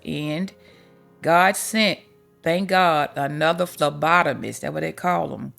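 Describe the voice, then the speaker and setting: Gravelly-voiced woman sharing a heartfelt testimony. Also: deep voice, moderate pace, a bit bright, soft background music. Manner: heartfelt and candid, with folksy sayings. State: emotional at times. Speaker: life coach and podcast host. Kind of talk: personal testimony storytelling.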